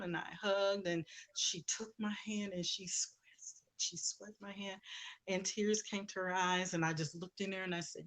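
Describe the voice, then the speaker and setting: A woman's voice: fairly low pitch, fairly even intonation, normal speed, a bit bright. A woman, an author guest in an interview, telling a personal story in a heartfelt, conversational way, often searching for words.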